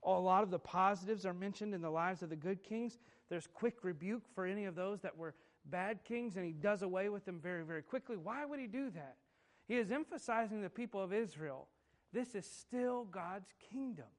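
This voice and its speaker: Male pastor, high-pitched voice, emphatic sermon delivery with rhetorical questions. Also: lively intonation, normal speed.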